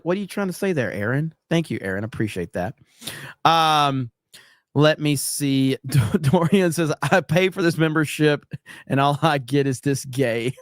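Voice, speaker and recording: A man's voice: fairly high pitch, a bit bright, no echo, studio quality. A man hosting a casual livestream, reading viewer comments aloud with jokes and frequent fillers. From USA. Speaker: livestream host reading chat.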